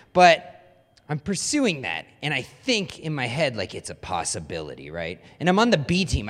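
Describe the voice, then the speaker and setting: A young man preaches in a relaxed, chatty way, slightly higher-pitched than most men. He tells stories with self-deprecating humor, many fillers and restarts. His voice rings with the long reverb of a church hall. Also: clean tone. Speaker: pastor. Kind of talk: casual sermon with personal story.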